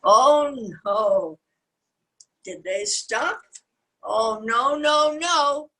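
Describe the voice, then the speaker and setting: An older woman reading a children's picture book aloud, her voice fairly high and swooping in a lively sing-song. She takes her time over each line and keeps turning to ask the little listener gentle questions. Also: drawn-out words, rough recording. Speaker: children's storyteller.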